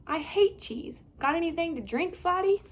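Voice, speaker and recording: A woman voicing a grumpy, sarcastic schoolgirl who talks loudly and snappishly. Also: expressive, moderate pace, a little hiss or hum. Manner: loud, high, snappy and complaining.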